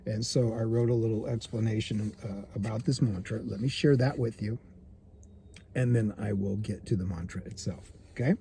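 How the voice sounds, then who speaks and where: A man's voice: fairly low pitch, moderate pace, warm tone, slight background noise. A man in a parked car telling a rambling story for his meditation vlog, chuckling often and restarting his sentences. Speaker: meditation teacher.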